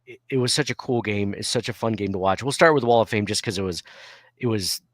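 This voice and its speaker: A man's voice: lowish voice, fast, dry recording. A man in his forties co-hosting a casual sports podcast, rambling and laughing as he acts out little quotes. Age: 40s. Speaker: podcast co-host.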